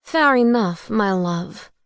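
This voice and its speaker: A woman's voice: mid-range voice, expressive, takes it slowly, no echo, studio quality. A woman narrator voicing a poised, flirtatious female succubus with a slight Eastern European accent. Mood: flirty. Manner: teasing, gracious.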